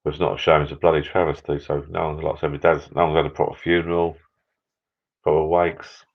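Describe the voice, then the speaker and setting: Older man, very deep voice, chatty live-stream host, slightly dull lo-fi sound. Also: little pitch movement, fast talker. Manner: rambling, chatty, sentimental. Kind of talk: casual chat. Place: backyard garden bar shed.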